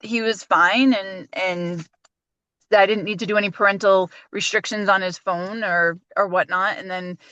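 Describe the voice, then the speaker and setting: A woman's voice: medium pitch, fairly even intonation, normal speed, pushed and bright, no echo, lo-fi sound. A woman in her forties co-hosting a podcast, telling stories in rambling casual chat with many restarts. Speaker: podcast co-host.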